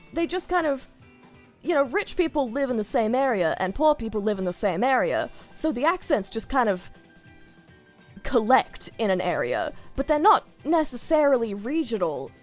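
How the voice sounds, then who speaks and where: A woman with an Australian accent chatting casually on a stream, giggling often and rambling off on tangents. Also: mid-range voice.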